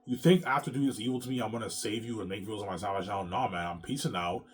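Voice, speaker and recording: A man's voice: fairly low pitch, rapid-fire, a little hiss or hum. A man hosting his own channel, ranting to the camera in an agitated, profane, repetitive way. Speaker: channel host.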